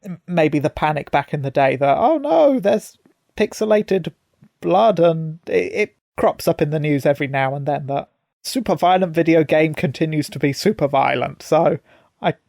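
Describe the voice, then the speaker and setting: A man's voice: on the high side, steady tone, moderate pace, creaky, darkish tone, dry recording, clean studio sound. A man co-hosting a podcast, chatting casually and sarcastically, swearing as he goes. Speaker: podcast co-host. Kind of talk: casual chat.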